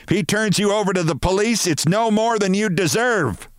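A man putting on a shrill, bossy office woman. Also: very animated, unhurried, no room sound, clean studio sound. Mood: indignant. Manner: shrill, scolding. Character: haughty brash middle-aged office woman.

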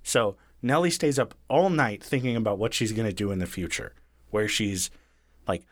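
A man's voice: lowish voice, animated, normal speed, no echo, studio quality. A man retelling a story in casual, profane chat, acting out the lines of the people in it. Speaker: podcast co-host retelling a true story.

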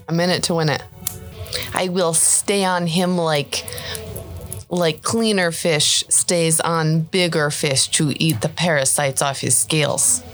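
A woman's voice: sits low, steady tone, takes it slowly, soft background music. A woman playing a tabletop game, eager and joking in casual banter with friends. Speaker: player.

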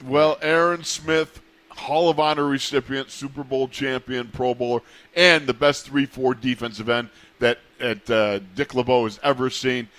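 A man's voice: mid-range voice, steady tone, moderate pace, a bit bright. A man co-hosting a sports radio show, talking in a rambling, easygoing way. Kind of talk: casual sports radio chat.

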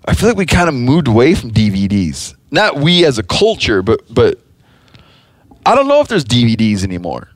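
Male podcast host, mid-pitched, loose rambling delivery with restarts, dry close mic. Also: wildly swooping pitch, normal speed, no echo. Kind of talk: casual podcast talk.

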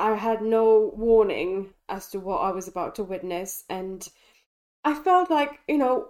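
A woman co-hosting a casual podcast, reviewing a film with animated enthusiasm and frequent restarts. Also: a little high. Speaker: podcast co-host reviewing films. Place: London.

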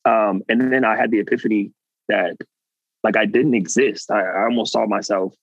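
Guy with a lowish voice telling his story, lively and earnest, kinda dull dry audio. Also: normal speed, creaky. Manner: animated, earnest, acts out quotes. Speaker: guest. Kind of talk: casual storytelling.

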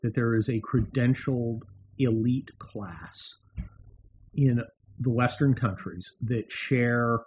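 Middle-aged guy doing his podcast from home, sarcastic and wry, normal pitch, bit of faint noise behind. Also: fairly even intonation, slow, darkish tone. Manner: wry, sarcastic, with mocking put-on quotes. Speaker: podcast host. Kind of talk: casual political monologue. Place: room in his house.

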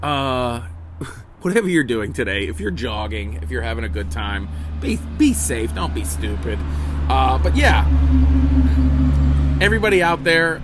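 Background noise accompanies this very animated middle-aged man, whose medium-pitched delivery is a little slow with long pauses. He's a comedian hosting a daily livestream outdoors at a table beside a house, filmed on a phone camera, chatting jokily and casually with viewers and rambling through restarts and asides.

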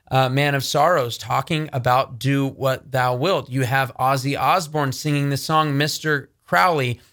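A man's voice: mid-range voice, a bit bright. Earnest man warning viewers. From Southern California. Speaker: ministry presenter. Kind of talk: preaching monologue to viewers.

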